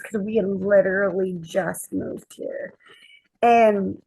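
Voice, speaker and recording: A woman guest on a chat podcast, telling a lively anecdote and acting out the quoted dialogue. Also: medium pitch, unhurried, gravelly, husky, no echo, low-quality recording. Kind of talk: casual storytelling chat.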